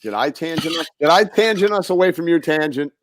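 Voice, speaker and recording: A man's voice: on the high side, expressive, brisk, slight background noise. A man co-hosting a podcast in laid-back casual chat, often calling his partner dude. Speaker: podcast co-host.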